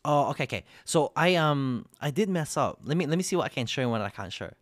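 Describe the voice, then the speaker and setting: Lively Australian man streaming. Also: on the high side, fast talker, dry recording, studio quality. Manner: rambling, self-correcting, frequent laughs. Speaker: streamer reading a sponsored ad. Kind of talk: casual live stream chat.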